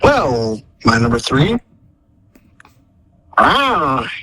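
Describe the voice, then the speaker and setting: A man's voice: mid-range voice, big pitch swings, very slow, pushed and bright, poor audio. A young man co-hosting a podcast, giving brief, dry takes on his picks in casual chat. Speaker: podcast co-host.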